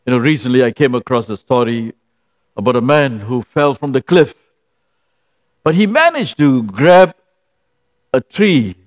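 A man's voice: mid-range voice, dry recording. A man pastor preaching an earnest sermon, telling stories and leading prayer. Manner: earnest, storytelling.

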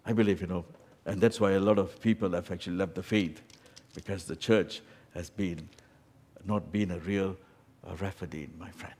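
A man preaching a sermon in a church, moving between loud emphatic lines and quiet asides, often saying "you know" and "my friend.". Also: sits low, fairly even intonation, normal speed. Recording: long hall reverb.

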